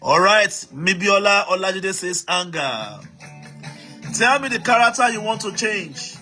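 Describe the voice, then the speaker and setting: A man's voice: sits high, lively intonation, measured pace, bright, forceful tone, soft background music. A Nigerian man hosting a live stream, reading out viewer comments and urging the audience to write in, switching between English, Pidgin and Yoruba.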